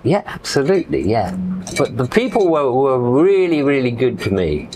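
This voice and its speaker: A man's voice: mid-range voice, very animated, normal speed, darkish tone, a little hiss or hum. A middle-aged man from England telling stories in a casual, rambling way as an interview guest, dropping "you know" often. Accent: English. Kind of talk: casual storytelling.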